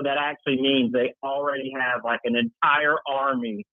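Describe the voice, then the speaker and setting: A man's voice: medium pitch, sing-song, normal speed, creaky, no room sound. A man co-hosting a podcast in casual chat, talking sarcastically with mocking asides. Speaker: podcast co-host. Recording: dry, tinny phone-like line.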